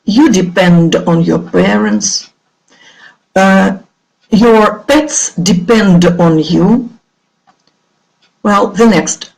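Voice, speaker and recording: A middle-aged woman with a Russian accent teaching an online English lesson. She speaks clearly and drills words slowly, waiting for pupils to repeat. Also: mid-range voice, a little mellow, rough recording.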